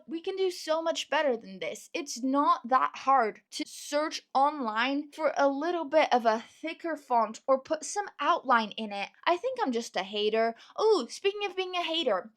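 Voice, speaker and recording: A young woman hosting a solo podcast, ranting in an opinionated, exasperated way while she is losing her voice. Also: high voice. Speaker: podcast host.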